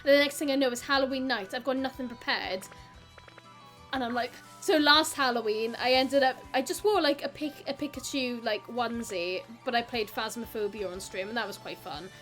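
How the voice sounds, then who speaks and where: A woman's voice: fairly high pitch, brisk, a bit bright, faint music behind. A young Welsh woman from South Wales chatting casually with her live stream audience, giggly and full of "like".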